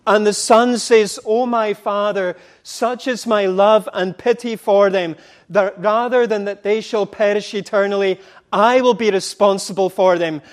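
A man preaching a sermon, retelling scripture as dramatic dialogue, at times impassioned and at times dropping to a hush. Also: high-pitched, steady tone, unhurried.

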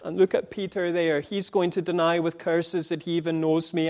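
A man preaching a sermon, retelling scripture as dramatic dialogue, at times impassioned and at times dropping to a hush. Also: fairly high pitch, level tone, brisk, few pauses.

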